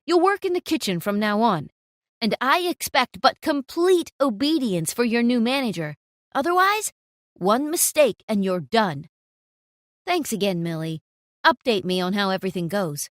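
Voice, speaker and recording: A woman's voice: on the high side, big pitch swings, normal speed, a bit bright, dry recording, clean studio sound. A woman voicing a stern, authoritative male cafe owner who scolds his manager, in a storytime narration. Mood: firm.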